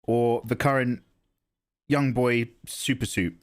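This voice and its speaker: A man's voice: mid-range voice, takes it slowly. A man casually chatting on an art livestream, reading out viewer comments and answering them as he draws. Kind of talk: casual livestream chat while drawing.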